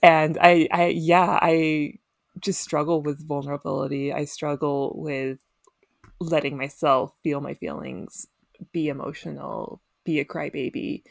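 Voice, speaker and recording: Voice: mid-range voice, level tone, unhurried, vocal fry, dry recording, clean studio sound. A young person on a group podcast, talking candidly with frequent laughs and casual swearing. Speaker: podcast co-host.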